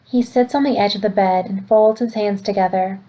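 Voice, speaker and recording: Teacher lady reading a book out loud, steady plain voice, mid pitch. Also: brisk, poor audio. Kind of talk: reading a novel aloud.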